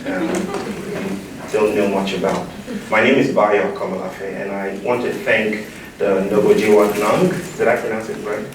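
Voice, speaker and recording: A man's voice: fairly low pitch, steady tone, measured pace, slight background noise. A man from Nigeria giving a keynote talk, playful and engaging the audience in call-and-response. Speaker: keynote speaker. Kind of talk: public talk. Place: large room with an audience. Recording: echoey hall, distant mic.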